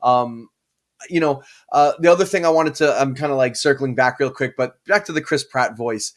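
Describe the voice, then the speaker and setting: Male podcast co-host; loose, rambling, animated delivery with casual swearing. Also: medium pitch, moderate pace. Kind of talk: casual chat.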